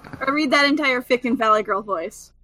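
A woman's voice: on the high side, normal speed, sharp tone. A woman chatting playfully as a podcast co-host. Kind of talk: casual chat.

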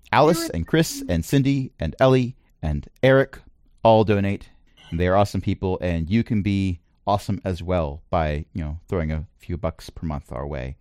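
Lively low-voiced man hosting a podcast. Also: no room sound, studio quality. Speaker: podcast host; middle school teacher. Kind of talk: casual chat.

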